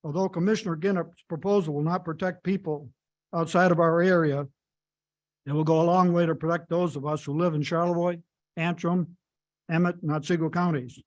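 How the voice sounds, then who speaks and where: A man's voice: fairly high pitch, steady tone, brisk. A man reading a prepared public comment at a meeting, emphatic, with small stumbles.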